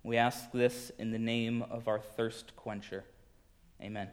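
A man preaching a sermon in a conversational way, telling the story with lively acted-out quotes. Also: medium pitch, a little slow.

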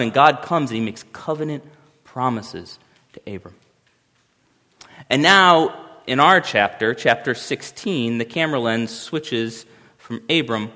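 Brief: male pastor, mid-pitched voice, chatty emphatic sermon with dry humor, long church reverb. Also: lively intonation, a little slow, pushed and bright. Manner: conversational and emphatic, with wry humor.

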